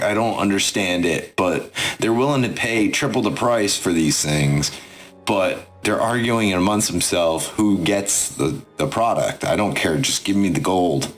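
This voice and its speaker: A man's voice: fairly low pitch, a bit bright. A man voicing a fussy, greedy male sultan merchant in a tabletop game, complaining in a flustered way. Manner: flustered, complaining, gold-hungry.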